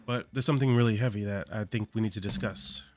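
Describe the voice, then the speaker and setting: A man's voice: lowish voice, fast talker, no echo, soft background music. A man narrating as game master, hesitant with fillers and voicing the other characters. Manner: hesitant, lots of fillers, voices non-player characters.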